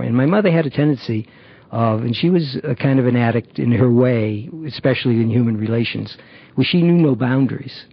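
A middle-aged man giving a halting personal testimony about recovery, full of fillers and restarts. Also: mid-range voice, slightly rough, dry recording, lo-fi sound. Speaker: recovery program member.

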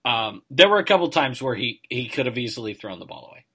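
A man's voice: mid-range voice, very animated, quick pace, bright, forceful tone, slightly rough. A man with a nasal voice co-hosting a sports podcast, analytical and hedging, often tagging "right?". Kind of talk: casual chat.

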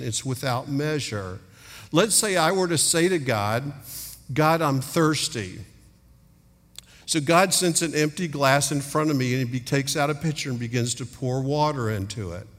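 A man's voice: medium pitch, moderate pace. A middle-aged man preaching a sermon earnestly, acting out little dialogues as he speaks. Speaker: pastor. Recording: long hall reverb.

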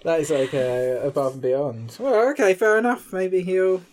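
Brief: young woman co-host, strikingly deep voice, dry humour, quick laughs. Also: steady tone, a little mellow, slight background noise. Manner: wry, laughs often, short reactions. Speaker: podcast co-host. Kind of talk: casual chat.

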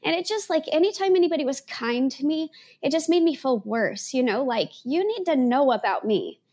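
A woman's voice: high-pitched, animated, fairly quick, a little mellow. A woman guest on a podcast, earnestly telling a personal story in a rambling way, restarting her sentences and laughing at herself.

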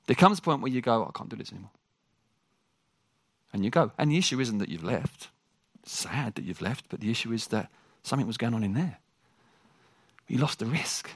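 A man preaching a sermon to a congregation. He jokes with the room and talks in an animated way. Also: mid-range voice, fairly quick, dry recording, clean studio sound.

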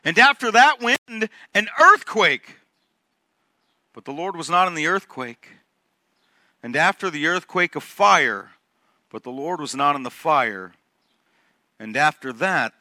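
A man preaching a sermon who speaks emphatically and swings from hushed whispers to near-shouts. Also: fairly high pitch, no echo. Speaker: pastor.

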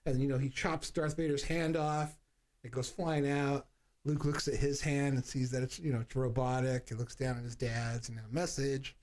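A man's voice: medium pitch, moderate pace. A man co-hosting a podcast, chatting casually and animatedly, swearing often and acting out lines as he retells a story. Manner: animated, profane storytelling, acts out movie lines. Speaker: podcast co-host. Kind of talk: casual chat.

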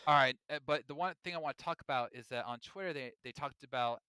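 A man co-hosting a podcast, chatting casually with lots of fillers and restarts, getting animated as he talks. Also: mid-range voice, quick pace, clean tone, no room sound. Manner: rambling, filler-heavy, animated. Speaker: podcast co-host. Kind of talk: casual chat.

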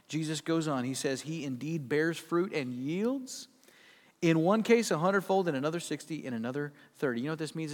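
High-voiced preacher in a reverberant hall. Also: male voice. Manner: dynamic, swings from loud emphatic to hushed near-whisper. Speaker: pastor. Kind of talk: sermon.

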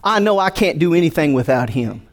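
Male pastor, sermon delivery, animated, playful, pitch swinging widely. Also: fairly quick. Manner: animated, joking, call-and-response with congregation.

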